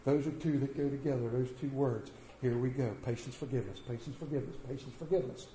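A man preaching a sermon as pastor, swinging between loud emphatic bursts and quiet, soft-spoken asides. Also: medium pitch, fast talker, a little hiss or hum. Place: church sanctuary with congregation. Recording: roomy church echo.

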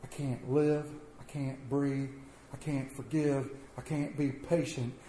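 A man preaching a sermon as pastor, swinging between loud emphatic bursts and quiet, soft-spoken asides. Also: medium pitch, level tone, takes it slowly, slight background noise. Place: church sanctuary with congregation. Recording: roomy church echo.

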